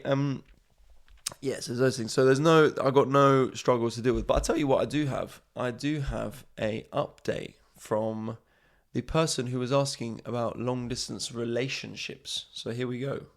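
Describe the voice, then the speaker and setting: Comedian rambling on his podcast, kinda gravelly, swears a lot, jokey. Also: mid-range voice, fairly even intonation, normal speed. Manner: chatty, swears freely, mocking asides. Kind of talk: casual rambling monologue.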